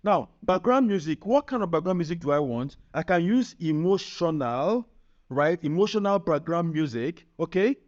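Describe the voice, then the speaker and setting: A man presenting a screen-recorded software tutorial, upbeat and chatty, often checking in with the viewer. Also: fairly high pitch, expressive, moderate pace. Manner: upbeat, chatty, keeps asking "right?". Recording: muffled lo-fi sound.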